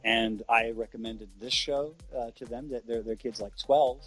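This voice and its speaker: A man's voice: mid-range voice, steady tone, moderate pace, a bit bright, faint music behind. A man co-hosting an anime review, talking casually and thoughtfully in a conversational way. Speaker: co-host of an anime review show.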